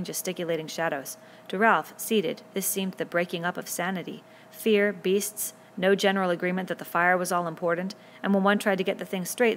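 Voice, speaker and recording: A woman narrating a novel aloud in a steady, measured reading voice. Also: lowish voice, a little hiss or hum. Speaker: audiobook reader.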